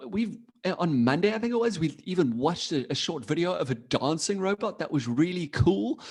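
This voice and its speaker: A man teaching an online coding lesson to young children, upbeat and encouraging, speaking over a computer mic. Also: creaky. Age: adult. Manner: upbeat, encouraging, with playful pitch jumps.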